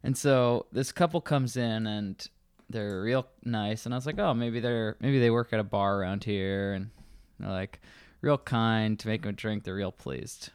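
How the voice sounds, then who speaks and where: A man casually telling a bar story, swearing and acting out angry customers in loud voices. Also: fairly low pitch, fairly even intonation, moderate pace, smooth, no echo.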